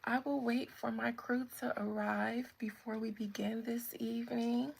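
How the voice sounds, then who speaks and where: A woman hosting a live spiritual chat stream, talking casually and greeting viewers by name in a relaxed way. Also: fairly high pitch, a little slow, gravelly, husky.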